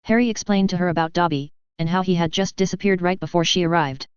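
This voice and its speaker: Woman reading a story out loud, steady and even, super clean voice, kinda dull recording. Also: lowish voice, fast talker, clean tone, no room sound. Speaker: narrator. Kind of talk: audiobook reading of fan fiction. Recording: dull, slightly muffled recording.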